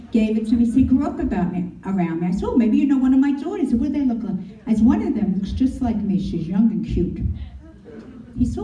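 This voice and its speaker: A woman's voice: a little high, sing-song, a little fast, dark tone. A middle-aged woman doing a brash, crude stand-up comedy set. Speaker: stand-up comic. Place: comedy club. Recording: echoey club from a distance. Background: audience laughing.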